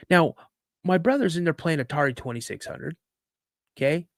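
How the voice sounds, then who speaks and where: A man's voice: a little high, expressive, normal speed, a little mellow, no room sound, clean studio sound. Man telling a story, acting out voices. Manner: acts out dialogue with raised voice. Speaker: podcast guest storyteller. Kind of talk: animated storytelling.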